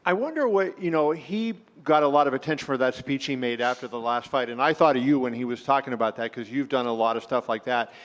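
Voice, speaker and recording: A man's voice: mid-range voice, fast talker, few pauses, big-room sound. A male reporter asking long, winding questions at a press event. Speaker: interviewer.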